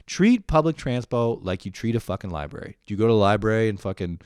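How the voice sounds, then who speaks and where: A young man delivers a foul-mouthed comic rant, his fairly low voice leaping up and down as he gets worked up. He swears freely and sounds fed up with everyone. The recording is close and dry. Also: brisk, clean tone, no echo. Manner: swears constantly, animated and exasperated. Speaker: comedic vlogger. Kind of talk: profane comedic rant.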